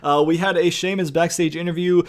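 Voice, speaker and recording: A young man with a fairly high voice rants through a casual show review. He rambles, restarts his sentences and swears freely. His tone is exasperated throughout. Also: fairly even intonation, a little fast.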